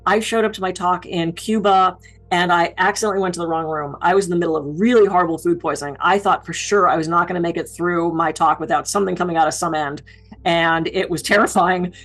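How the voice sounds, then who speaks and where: Lower-voiced woman telling lively speaking stories. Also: fast talker, poor audio. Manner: lively self-deprecating storytelling. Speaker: keynote speaker. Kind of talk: public speaking advice talk.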